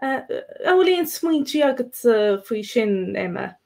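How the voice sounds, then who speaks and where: A woman's voice: a little high, big pitch swings, measured pace, vocal fry, darkish tone. Hesitant woman teaching on a live stream. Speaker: co-host and Irish teacher. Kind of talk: live-stream language lesson.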